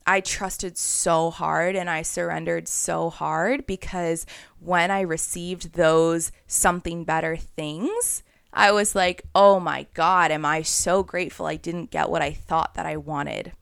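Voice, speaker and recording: A young woman hosts a spiritual podcast in an earnest, conversational monologue, now and then acting out voices in her head. Her voice sits a little low, with a gravelly fry under a smooth, resonant tone. The sound is dry and close. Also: fairly even intonation, slow pace, fairly bright tone, no room sound. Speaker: podcast host.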